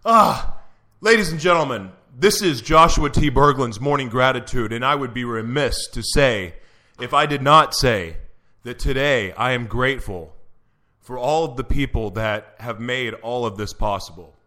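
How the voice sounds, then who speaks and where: A man's voice: medium pitch, moderate pace, bright, forceful tone. Giddy, emotional male radio host. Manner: giddy, emotional, stumbling over the intros. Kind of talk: live online radio show opening. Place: studio.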